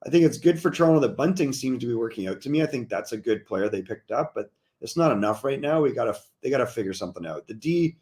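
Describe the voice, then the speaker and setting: Male hockey host, mid-pitch, easygoing and chatty, reads viewer comments. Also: lively intonation, fast, hardly any pauses, darkish tone. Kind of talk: casual sports talk.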